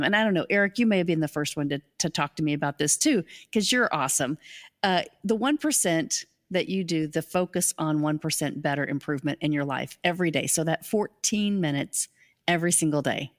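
A woman's voice: low-pitched, lively intonation, a little fast. A woman hosting a casual live stream on leadership, upbeat and enthusiastic and often laughing.

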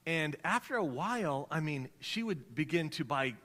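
A male pastor preaches in a bright, ringing tone, recorded in a hall where the reverb trails on after each phrase. He tells stories with animation and puts on the voices of the people in them. He sits a little higher than most men. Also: normal speed. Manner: storytelling, animated, acts out quoted voices. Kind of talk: sermon.

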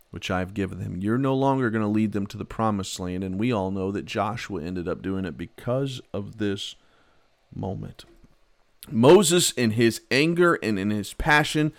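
A man preaching a sermon, animated, swinging from loud outbursts to quiet, low passages. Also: moderate pace, no room sound. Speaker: pastor.

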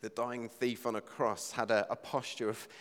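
Earnest pastor preaching in a reverberant hall. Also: male voice, medium pitch, flat delivery, normal speed. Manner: earnest, conversational, with rising emphatic questions. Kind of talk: sermon.

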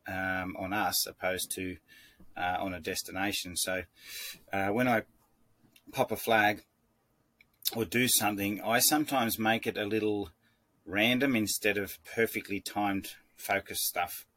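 Low, flat-voiced man explaining calmly. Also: dry recording. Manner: calm, measured explaining with many restarts. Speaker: horse trainer. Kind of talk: instructional talk.

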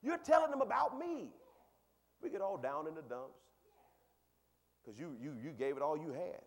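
A male pastor preaching with a high voice that leaps wildly, from low murmurs up to ringing exclaims. He talks with his congregation, asking them questions and repeating words as he builds. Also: sing-song, normal speed. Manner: conversational, asks the congregation questions. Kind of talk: sermon.

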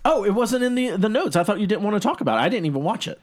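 A man's voice: sits high, big pitch swings, very fast. Chatty man co-hosting a podcast. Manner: rambling, upbeat, counts things out loud. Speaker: podcast co-host. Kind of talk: casual chat.

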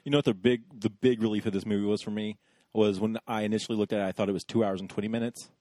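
A man's voice: lowish voice, level tone, racing, dark tone. A man co-hosting a podcast, chatting wryly in a casual movie review. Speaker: podcast co-host.

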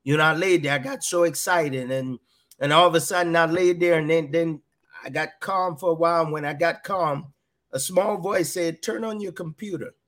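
A man's voice: a little high, steady tone, moderate pace, fairly bright tone. A middle-aged man earnestly telling a personal faith testimony, often repeating his words as he goes. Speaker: guest sharing a faith testimony.

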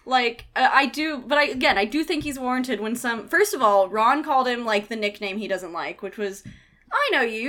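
A woman's voice: high-pitched, animated, fairly quick, sharp tone. A woman co-hosting a casual podcast chat, chatty and enthusiastic, with laughing asides. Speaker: podcast co-host.

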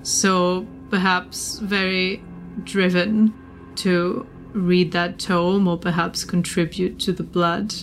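A woman narrating as game master of a tabletop horror game in a measured, descriptive way. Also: lowish voice, little pitch movement, faint music behind.

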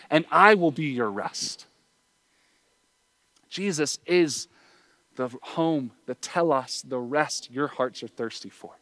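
Man, pastor, sermon, fairly high voice, earnest, quiet lows and raised pleading. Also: a little slow.

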